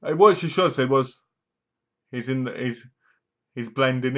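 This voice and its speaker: A man chats through a horror film review at home, retelling scene after scene and acting out the lines as he goes. His voice sits at an ordinary middle pitch. The home recording sounds dull and lo-fi. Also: normal speed, long pauses. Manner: rambling, enthusiastic retelling with acted-out quotes and laughs. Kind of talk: casual spoken film review. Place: home room, seated in a squeaky chair.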